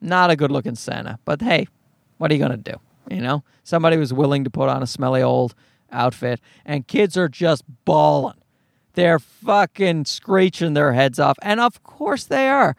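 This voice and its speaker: A man's voice: a little high, expressive, moderate pace, creaky, no echo, studio quality. A man hosting a podcast who tells a rambling, sarcastic story full of swearing. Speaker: podcast host. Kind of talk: comedic storytelling monologue.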